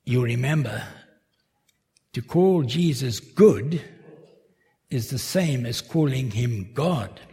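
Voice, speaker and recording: A man preaching a sermon, slowly and carefully working through a Bible passage verse by verse. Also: mid-range voice, lively intonation, dark tone. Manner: slow, measured expository preaching. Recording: long hall reverb.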